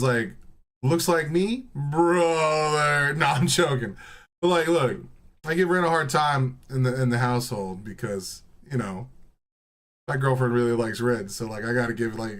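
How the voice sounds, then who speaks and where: Young guy riffing on stream, loose and foul-mouthed, keeps cracking himself up, a mid-pitched everyday voice, says bro and like a lot. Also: fairly bright tone. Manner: profane, joking, laughs often, lots of "bro" and "like". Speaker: reaction streamer. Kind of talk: casual rambling reaction commentary.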